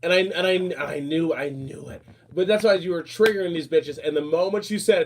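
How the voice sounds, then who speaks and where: Flamboyant male host, rapid casual chat, slightly high voice. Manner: fast, flamboyant, repeats phrases, calls people darling.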